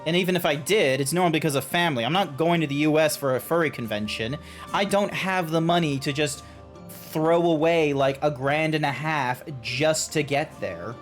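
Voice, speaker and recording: A man's voice: on the high side, normal speed, faint music behind. Rambling Australian man streaming a game. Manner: rambling, restarts, swears freely. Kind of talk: casual game-stream chat.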